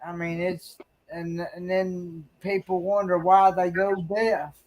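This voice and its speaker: A man's voice: high voice, little pitch movement, slow, a little mellow, highs cut off. A man hosting a casual late-night livestream chat. He halts often and repeats words while he searches for what to say. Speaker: livestream host.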